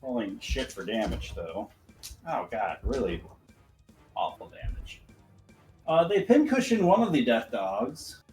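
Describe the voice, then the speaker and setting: Game master, male, animated and lively in pitch, vivid scene narration, echoey room with faint music. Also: unhurried, pauses often.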